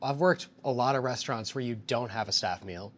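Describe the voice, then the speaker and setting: A man in a casual interview, talking about restaurant work in a relaxed, rambling way full of fillers. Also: mid-range voice, brisk.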